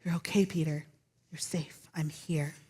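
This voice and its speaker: A woman preacher voicing Jesus in her sermon with a soft, reassuring tone. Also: high-pitched, measured pace, long reverb tail, voice pushed up. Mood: gentle reassuring. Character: gentle, calm male Jesus figure, reassuring.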